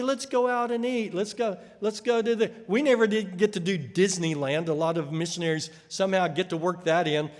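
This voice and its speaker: A man preaching a sermon, telling stories and acting out the voices of people he quotes. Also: high voice. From United States. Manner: storytelling, acts out quoted voices. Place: church hall. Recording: echoey church hall.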